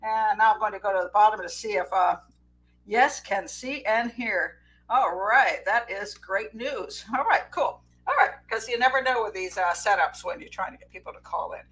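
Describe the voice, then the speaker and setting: A woman's voice: mid-range voice, moderate pace, a bit bright, poor audio. A middle-aged woman, a criminal profiler, hosting a casual live call-in show, rambling and breaking into giggles as she corrects herself. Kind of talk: casual live-stream chat.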